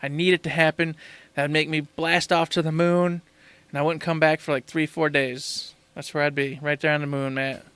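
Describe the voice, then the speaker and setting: A man co-hosting a casual gaming podcast, excitable and speculating with lots of laughs. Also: a little high, normal speed, smooth, no echo. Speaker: podcast co-host.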